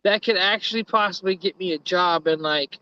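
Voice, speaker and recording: A man's voice: high-pitched, a little fast, lo-fi sound, over a noisy crowd. A man from Texas, chatting casually on a livestream and telling stories full of swearing and laughter. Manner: profane, laughing storyteller. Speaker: livestream co-host. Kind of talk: casual chat.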